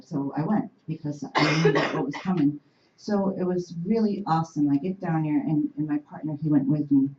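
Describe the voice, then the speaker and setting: A woman from the Oneida Nation, telling an animated, emphatic story to an audience in a university room. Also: sits low, fairly quick, slight background noise. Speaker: panel speaker. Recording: roomy, dull room recording.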